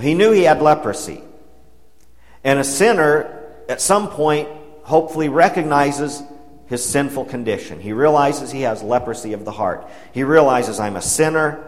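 A man preaching a sermon, retelling a Bible story in a conversational way and paraphrasing the dialogue. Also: mid-range voice. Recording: long hall reverb.

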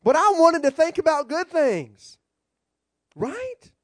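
High-voiced, animated man preaching. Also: slow pace, no room sound. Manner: animated, humorous storytelling preaching. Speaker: rabbi. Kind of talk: sermon.

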